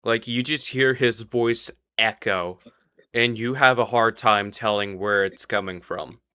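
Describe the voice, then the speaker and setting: A young man running a tabletop game as dungeon master. His voice is bright and smooth, and the sound is dry and close. He chats casually and lays out the rules plainly. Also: lowish voice, a little slow, no echo.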